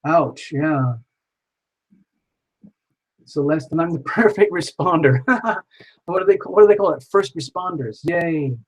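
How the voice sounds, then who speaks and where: A man's voice: fairly high pitch, animated, unhurried, long pauses, breathy edge, low-quality recording. A man hosting a live tarot reading stream, chatting casually and reassuringly with viewers.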